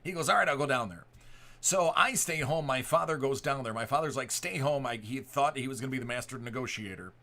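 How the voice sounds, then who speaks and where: Man, forties, gravelly, bright, rambling casual storyteller. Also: medium pitch, brisk. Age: 40s. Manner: chatty, rambling with restarts and acted-out quotes. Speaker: card break host.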